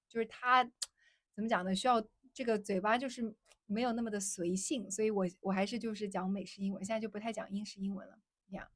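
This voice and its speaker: On her casual livestream, a young woman from China, a native Mandarin speaker, replies to viewers, frequently repeating herself and moving back and forth between Mandarin and English. Her voice is mid-range, and the recording is dry and studio quality.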